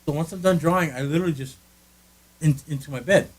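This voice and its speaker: A man's voice: on the high side, quick pace, rough recording. Rambling, joking man on a podcast. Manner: rambling, joking, frequent restarts. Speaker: podcast co-host. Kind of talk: casual chat. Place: friend's living room in California.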